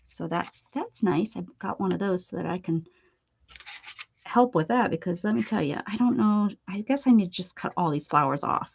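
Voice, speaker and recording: A woman's voice: lowish voice, fairly bright tone, dull audio. A woman hosting a casual live crafting stream, chatty and bubbly, greeting viewers and laughing. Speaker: craft video host.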